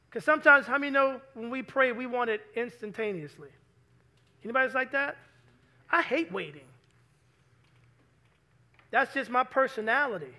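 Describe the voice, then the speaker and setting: A male pastor with a strikingly high voice gives a sermon in a church. His tone is bright and forceful. He keeps calling out questions to the congregation as he preaches. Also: animated, normal speed, long pauses.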